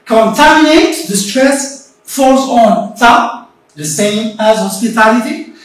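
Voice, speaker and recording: A woman teacher giving a remote English lesson, explaining slowly and deliberately and repeating herself often. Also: a little high, animated. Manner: slow, deliberate explaining with frequent repetition. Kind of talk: recorded remote classroom lesson. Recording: very echoey room, voice far from the mic.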